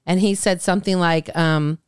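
A woman's voice: on the low side, steady tone, normal speed, clean tone, dry recording, studio quality. A woman co-hosting a podcast in casual chat, telling stories and acting out what people said. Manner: chatty storytelling, acting out quoted voices. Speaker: podcast co-host.

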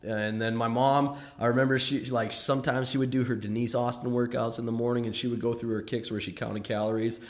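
A man's voice: mid-range voice, little pitch movement, fairly quick, few pauses. A man from Saint Paul, Minnesota, telling a personal story in a casual, rambling, self-mocking way, swearing freely and restarting his sentences often.

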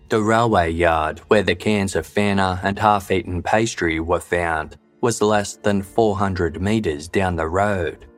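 A man giving measured, sober scripted narration for a true-crime podcast. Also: low voice, dry recording. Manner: measured, even, sober delivery.

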